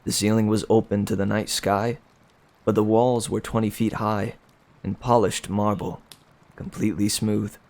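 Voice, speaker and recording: A man reading a novel aloud in plain, unhurried storytelling. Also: fairly low pitch, little pitch movement, a little mellow. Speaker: reader.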